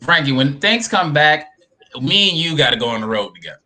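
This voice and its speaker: A man co-hosting a casual podcast chat, animated and profane, laughing often and acting out quotes. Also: fairly high pitch, fairly quick. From New York. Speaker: podcast co-host.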